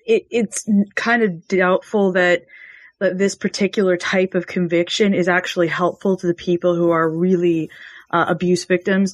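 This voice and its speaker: A woman's voice: lowish voice, dry recording. Earnest, hesitant woman from Canada. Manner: earnest, hesitant, searching for words. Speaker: podcast regular. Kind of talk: casual podcast discussion.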